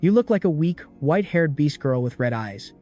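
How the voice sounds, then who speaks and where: A man's voice: fairly high pitch, animated, normal speed, mellow, soft background music, lightly acted. A man voicing a cocky young male necromancer hero who talks coolly and offhandedly. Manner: cool, offhand.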